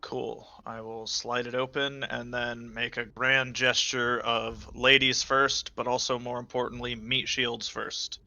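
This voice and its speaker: A man playing a tabletop game, casual and quick with jokes. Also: medium pitch, flat delivery, gravelly, pushed and bright, dry recording. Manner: quick, joking banter. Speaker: player.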